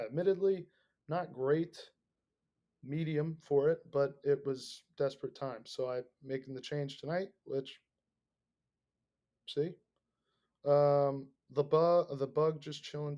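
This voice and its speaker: A young man hosting a podcast, rambling in casual, profanity-laden talk that swings between mumbled asides and loud bursts. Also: mid-range voice. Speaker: podcast host.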